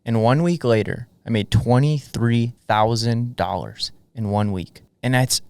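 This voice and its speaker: Smooth-voiced fervent male podcast host. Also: medium pitch, measured pace, no echo. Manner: energetic, fervent storyteller. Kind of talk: conversational interview, personal storytelling.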